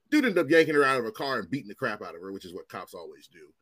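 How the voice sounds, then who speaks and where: A man in his forties telling stories in casual chat as host, animated and profane, acting out what others said. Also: medium pitch, fast, hardly any pauses, dry recording. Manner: animated, profane, acts out quotes in raised voices.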